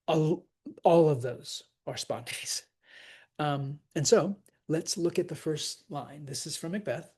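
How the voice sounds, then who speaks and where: A woman's voice: deep voice, takes it slowly, warm tone, husky. A woman teaching a lecture on verse scansion, chatty with many fillers, tapping out stresses aloud as she goes.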